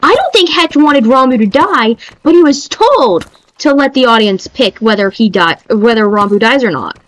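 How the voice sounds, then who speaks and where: A young woman streamer chatting casually in an excitable, rambling way. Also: fairly high pitch, moderate pace, no room sound, rough recording.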